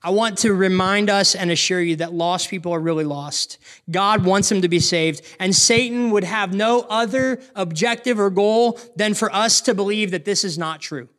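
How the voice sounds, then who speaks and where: A man preaching a sermon in an earnest way, asking rhetorical questions and slowing down to stress key points. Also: sits high, fairly bright tone. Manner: earnest, asks rhetorical questions, slows down for emphasis. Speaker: pastor.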